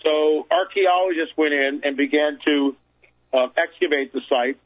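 A man's voice: a little high, fairly even intonation, normal speed. A man speaking as a guest on a call-in radio show, telling a story with emphatic, repeated phrases. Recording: tinny phone line.

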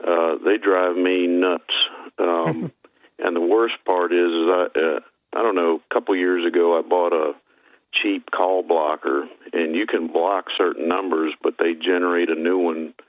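Deep-voiced caller on a tinny phone line. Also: male voice, dry recording. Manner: halting, many fillers and restarts. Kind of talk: phoning in to a talk show.

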